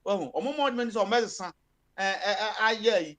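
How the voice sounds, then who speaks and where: Here a Ghanaian-accented speaker of medium pitch talks fairly quickly, in a slightly bright voice. The passionate political commentary mixes Twi and English, peppered with fillers and sudden bursts of emphasis.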